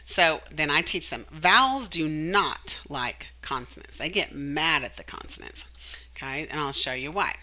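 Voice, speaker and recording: A woman teacher explaining a reading method, animated, singing the letters and acting out the sounds. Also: deep voice, a little slow, low-quality recording. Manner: animated, demonstrates sounds and sings.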